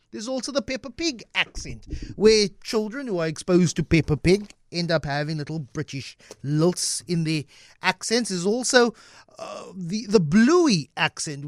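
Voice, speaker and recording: A South African man hosting a morning radio talk show, speaking in an animated, conversational way into a studio microphone. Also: fairly high pitch, dry recording.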